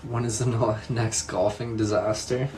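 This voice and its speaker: A man's voice: fairly low pitch, fairly even intonation, normal speed, a little mellow, a little hiss or hum. A young man chatting casually with viewers, answering their comments one by one, echoing his own answers and laughing often. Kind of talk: casual live chat.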